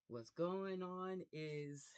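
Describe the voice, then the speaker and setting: A woman hosting a casual craft livestream from her home craft room, talking slowly and reflectively to viewers. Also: lowish voice, smooth. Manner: slow, warm, reflective talk to viewers. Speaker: YouTube craft livestream host. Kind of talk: casual live vlog chat.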